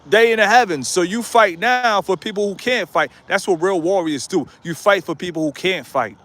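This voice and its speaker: High-voiced blunt man ranting outdoors. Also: moderate pace, fairly bright tone. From United States. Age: 30s. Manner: blunt, repetitive, exhorting. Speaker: YouTuber. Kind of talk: live-streamed motivational rant. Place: outdoors in a residential neighborhood with passing cars.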